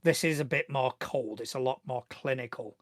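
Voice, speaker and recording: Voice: medium pitch, normal speed, no echo, studio quality. A game master narrating a tabletop game in a loose, descriptive way, with many fillers and restarts.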